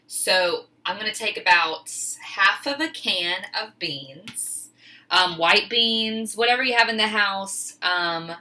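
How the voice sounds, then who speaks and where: Filming a cooking demo in her kitchen, this teacher keeps up a chatty, self-deprecating commentary while getting a bit flustered. Her voice sits on the low side, with a bright, pushed quality.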